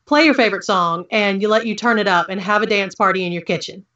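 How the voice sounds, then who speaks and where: A woman's voice: mid-range voice, fast, fairly bright tone. A woman who hosts radio shows, chatting casually and poking fun at herself. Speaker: radio show host. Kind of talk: casual chat. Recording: slightly dull lo-fi sound.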